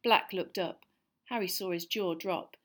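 A woman narrating a storybook in a steady, measured reading voice. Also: fairly low pitch. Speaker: audiobook narrator.

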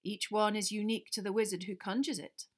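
A calm, kindly male wizard teacher, voiced by a woman reading aloud, explaining things patiently and evenly. The delivery stays measured, close to the reader's own voice. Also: medium pitch, lightly acted. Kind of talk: audiobook character voice.

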